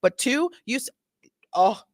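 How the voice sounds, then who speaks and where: A woman's voice: mid-range voice, lively intonation, moderate pace, creaky, dry recording, clean studio sound. A woman hosting a casual commentary on bodycam footage, sassy and exasperated, repeating her points. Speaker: host.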